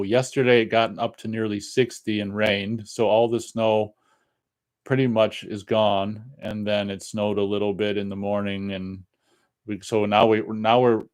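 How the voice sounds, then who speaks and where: Chatty Minnesota host reading chat. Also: male voice, fairly low pitch, darkish tone. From Minnesota, USA. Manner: chatty, reads viewer comments aloud and reacts. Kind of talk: casual live-stream chat.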